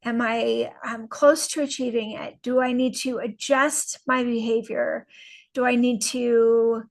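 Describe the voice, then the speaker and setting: Slow, high-voiced woman coaching. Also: creaky. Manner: unhurried and encouraging, with lively acted-out quotes. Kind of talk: motivational goal-setting lesson.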